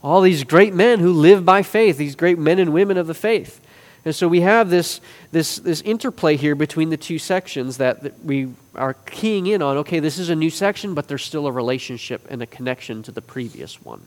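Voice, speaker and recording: A man teaching a discipleship class, explaining a text and stressing key phrases with slow, emphatic repetition. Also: on the high side, lively intonation. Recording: reverberant hall.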